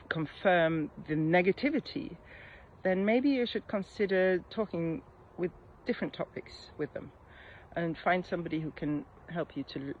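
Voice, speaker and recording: A middle-aged woman talks through a coaching lesson in a reflective, unhurried way, often pausing on soft fillers. The recording sounds a little muffled. A faint noise sits underneath. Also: fairly low pitch. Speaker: mindset coach. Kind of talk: casual coaching talk.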